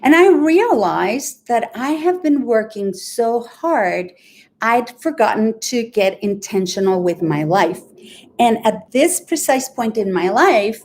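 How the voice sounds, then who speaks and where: Slow-talking earnest woman host. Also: a little high, lively intonation, a little mellow, slight background noise. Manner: earnest, reflective, emotional and rambling. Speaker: host of a weekly sound bath livestream. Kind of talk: candid heartfelt livestream talk.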